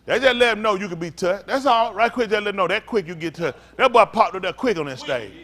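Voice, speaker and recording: High bright-voiced male pastor preaching. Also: lively intonation, fast. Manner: blunt, profane, rambling preaching. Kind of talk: informal sermon.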